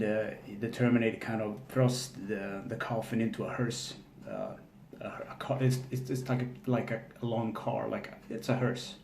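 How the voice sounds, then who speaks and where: A man's voice: on the low side, gravelly. Man, casual recap, stop-start, faint room hum. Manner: halting, many fillers and restarts, flat delivery. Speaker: film recapper. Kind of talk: casual spoken film recap. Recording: echoey room with faint ambience.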